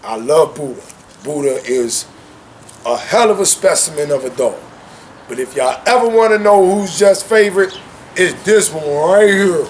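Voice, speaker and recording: This guest is a young man talking casually at home with his dogs, animated and slangy, saying "man" in almost every thought. His voice is fairly high at a normal speed, with a little hiss or hum in the recording.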